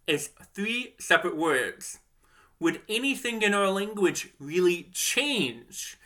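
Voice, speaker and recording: A man giving a thoughtful video lesson on language, often asking the listener questions and saying example phrases aloud slowly. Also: sits high, lively intonation, sharp tone. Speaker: language educator.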